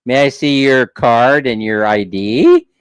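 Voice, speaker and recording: A man quoting a polite, stiff male bank clerk in a formal, unhurried way. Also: mid-range voice, smooth, no room sound, voice pushed down, lightly acted. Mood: dry.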